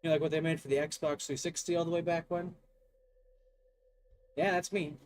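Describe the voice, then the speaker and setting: A man's voice: on the high side, steady tone, normal speed, a little hiss or hum. A man giving casual, joking let's-play commentary, rambling and self-deprecating. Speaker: gaming YouTuber.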